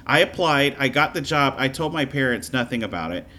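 A man from Louisiana who tells stories in a chatty, animated way during a casual interview. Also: mid-range voice, a little fast.

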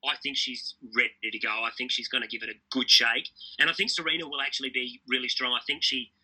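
Aussie commentator guy on an interview, keen and rambling, really bright sharp tone with a husky edge. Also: mid-range voice, steady tone, low-quality recording. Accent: Australian. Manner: enthusiastic, fast storytelling with repeated restarts. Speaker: tennis commentator guest. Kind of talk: casual interview chat.

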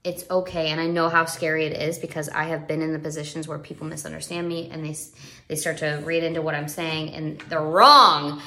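Her voice is deep, steady, brisk, pushed and bright: a young parenting vlogger in a casual live video chat. She talks earnestly but rambles, repeatedly restarting and using fillers, and the recording has a roomy echo.

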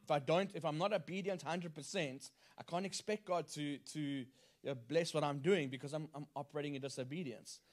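A man with a slightly raised pitch speaks earnestly as a church planter on a panel discussion. His talk is plain testimony and relaxed. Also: brisk. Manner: earnest, retells with acted quotes.

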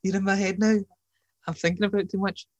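A man's voice: sits high, little pitch movement, quick pace, dry recording, highs cut off. A man hosting a podcast in casual chat, a joking, rambling storyteller who swears freely. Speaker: podcast host.

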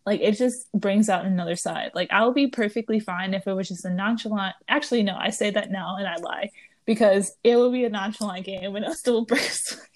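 A woman's voice: medium pitch, brisk. A young woman in her twenties co-hosting a podcast, chatting casually with lots of laughter, fillers and restarts. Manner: animated, laughs often, many fillers and restarts. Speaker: podcast co-host. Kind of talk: casual chat.

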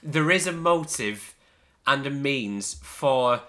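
A man's voice: mid-range voice, lively intonation, takes it slowly, fairly bright tone. A man hosting a casual film podcast, telling stories animatedly and laughing often. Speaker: podcast host.

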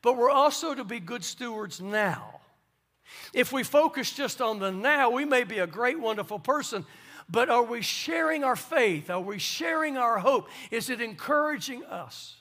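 A man preaches a sermon in a high, bright voice. He moves between hushed, conversational asides and ringing, emphatic declarations. He sounds like a pastor speaking to his congregation. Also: animated, moderate pace. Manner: preaching with swings from soft asides to loud emphasis.

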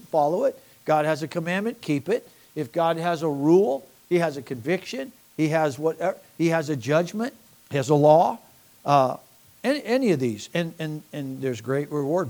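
A man's voice: on the high side, darkish tone. A man with a somewhat raised voice preaches to his congregation, drawing amens from the people in the pews. He reads long passages of old-style scripture and stops to chuckle with the room. He often repeats and restarts his words. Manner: call-and-response, asking the congregation for amens; reads scripture aloud in King James wording. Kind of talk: sermon.

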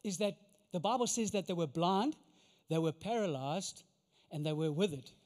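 Pastor preaching, high voice, echoey hall, chatty and animated. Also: male voice, moderate pace. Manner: animated, conversational, acts out voices. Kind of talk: sermon.

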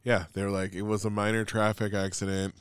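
A man's voice: fairly low pitch, flat delivery, brisk, clear, resonant tone, no echo. A man in casual chat, telling a long story in a rambling way, full of "like" and swearing.

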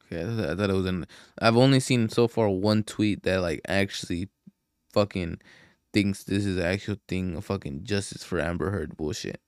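A young man with a low, gravelly voice rambles through a solo podcast, casual, profane and quick to put himself down. The sound is close and dry. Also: dry recording. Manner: rambling, profane, self-deprecating. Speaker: podcast host.

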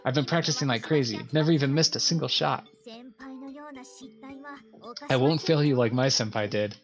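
A woman's voice: rumbling low, normal speed, soft background music. Woman reading as an eager young angel trainee. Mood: earnest.

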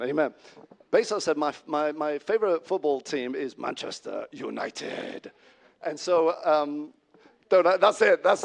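A middle-aged man preaching a sermon as pastor, animated and swinging between loud exclamations and soft asides, with frequent restarts. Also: medium pitch, clean tone.

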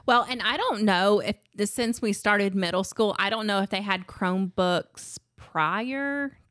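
Casual mom co-host, thirties, supportive, mid pitch, dry. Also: female voice, measured pace, fairly bright tone, no room sound. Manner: supportive, frequent agreeing interjections. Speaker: podcast co-host. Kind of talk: casual chat.

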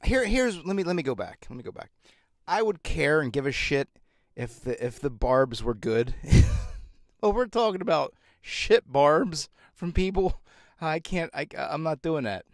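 A man's voice: on the high side, sing-song, unhurried, no echo, studio quality. A man hosting his own show, talking in a casual, rambling monologue, sarcastic and full of restarts. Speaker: radio show host.

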